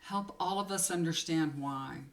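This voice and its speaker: A woman's voice: on the low side, normal speed, soft background music. A woman tarot reader telling a personal story to camera in a confiding, emotional way, rambling with many fillers, close to tears. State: tearful.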